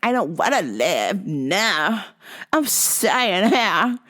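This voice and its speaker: A woman's voice: medium pitch, sing-song, very slow, fairly bright tone, heavily acted. A woman voicing a distraught young woman who refuses to leave an elevator. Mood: defiant.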